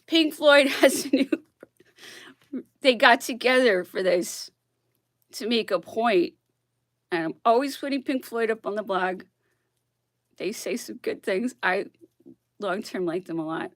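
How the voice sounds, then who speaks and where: A woman's voice: on the high side, fairly bright tone, dry recording, clean studio sound. A woman blogger on a casual, worked-up rant who keeps asking "okay?" and laughs between her points.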